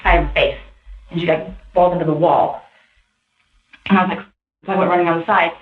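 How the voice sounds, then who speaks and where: A woman talks quickly through her account in a recorded police interview, halting and restarting as she goes. She sits away from the mic in an echoey room. The sound is thin and phone-like. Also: fairly low pitch, fairly even intonation, recorded from a distance. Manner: halting, rambling, full of restarts. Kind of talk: rambling recorded interview testimony.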